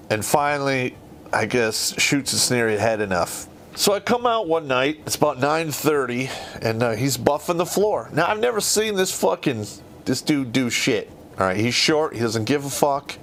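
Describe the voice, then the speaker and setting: A man tells a long story in a loose, rambling style and swears constantly. His pitch rises and falls a lot as he talks. His voice sits at a middle pitch and he sounds conversational and unscripted. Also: fairly bright tone, a little hiss or hum. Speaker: podcast host. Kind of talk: casual storytelling.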